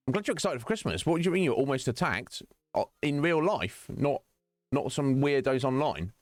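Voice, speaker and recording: A man's voice: medium pitch, sing-song, moderate pace, pauses often, no room sound, clean studio sound, soft background music. A male streamer chatting casually with viewers during a game stream, rambling and teasing, laughing often.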